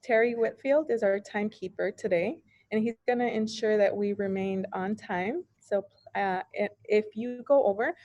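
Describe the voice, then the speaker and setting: A woman moderating a virtual town hall, giving housekeeping instructions in a relaxed way with some fillers. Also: mid-range voice. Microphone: video call. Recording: dry, dull video call audio.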